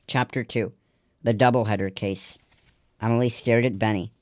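A man reading a children's story aloud in steady scripted narration. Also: lowish voice, moderate pace, no echo, clean studio sound. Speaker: audiobook narrator.

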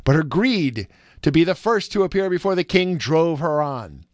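Expressive man reading a storybook. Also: fairly high pitch, moderate pace, no room sound, clean studio sound.

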